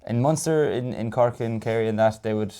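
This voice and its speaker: An Irish man teaching Irish phrases in a relaxed chat, explaining slowly with fillers and restarts. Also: mid-range voice, smooth. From Ireland. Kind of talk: casual language lesson.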